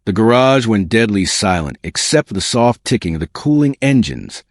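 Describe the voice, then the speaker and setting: A man's voice: fairly low pitch, big pitch swings, moderate pace, no echo, clean studio sound. A man reading a dramatic story as scripted narration with an intense delivery.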